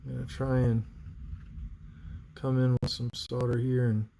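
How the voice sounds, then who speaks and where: A man's voice: mid-range voice, little pitch movement, unhurried, creaky, dark tone. A man hosting a live stream, chatting while he narrates soldering work and answers viewers. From North Carolina, US. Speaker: livestream host, saber builder. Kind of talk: live soldering tutorial chat.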